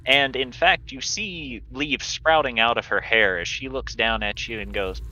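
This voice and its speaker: A man's voice: medium pitch, a little slow, sharp tone, highs cut off. A man narrating a tabletop game as game master, describing scenes with small restarts.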